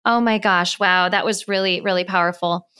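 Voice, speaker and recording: A woman's voice: lowish voice, fairly even intonation, normal speed, sharp tone, smooth. Effusive woman podcast host. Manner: effusive, exclamatory reactions. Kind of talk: conversational interview.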